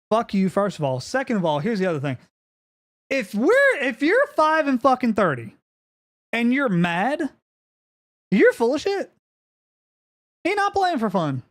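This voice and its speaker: A man streaming live and ranting with profanity, swinging between yelling and low grumbling, with frequent repeats and restarts. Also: huge pitch swings, moderate pace, long pauses. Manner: repeats phrases and stumbles over restarts.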